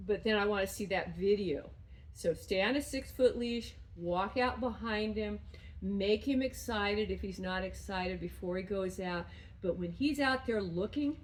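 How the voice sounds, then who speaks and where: A woman dog trainer coaching a student through footwork and play, breaking into high, excited praise when she plays with the dog. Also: normal speed, rough recording. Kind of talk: remote training lesson.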